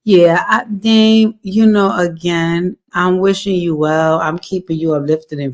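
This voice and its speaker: Weary woman streamer, low voice. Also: unhurried, hardly any pauses. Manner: weary, exasperated, sighing and repeating herself. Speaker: commentary streamer. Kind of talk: casual commentary reacting to clips.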